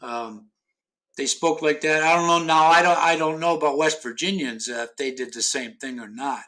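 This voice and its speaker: A man's voice: a little high, moderate pace, bright, forceful tone. A middle-aged man from Ohio in casual chat, rambling with many restarts and fillers and casual swearing. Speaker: podcast host.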